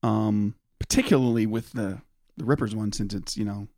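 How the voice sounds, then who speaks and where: A man's voice: lowish voice, steady tone, normal speed, vocal fry, mellow, no echo, studio quality. A man hosting a podcast, joking around and asking rambling questions. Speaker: podcast host. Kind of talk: casual podcast chat.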